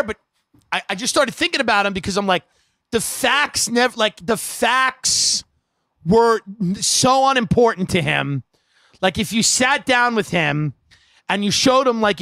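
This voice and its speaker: A man telling a comedic story, animated and profane, acting out the people in it with bursts of shouting. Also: sits high, no room sound.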